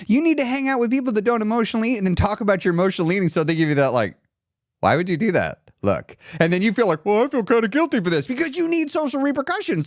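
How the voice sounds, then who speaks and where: A man coaching on a live stream in a casual teaching style, animated, often laughing and acting out little voices. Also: very high voice, no room sound, clean studio sound.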